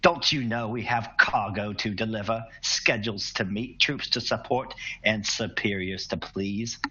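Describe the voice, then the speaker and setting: A man voicing an irritable, pompous ship captain who talks slowly and haughtily in a tabletop game. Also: lowish voice, bright, forceful tone, breathy edge, muffled recording, full character voice. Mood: irritated. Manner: slow, haughty and impatient.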